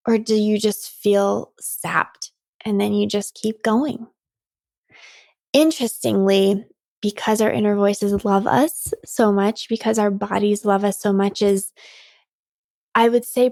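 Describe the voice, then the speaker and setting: A woman's voice: a little high, gravelly, a little mellow, dry recording, clean studio sound. A woman hosting her own podcast, talking candidly and chattily about her month, with frequent "like"s and light laughter. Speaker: podcast host and coach. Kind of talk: reflective solo podcast talk.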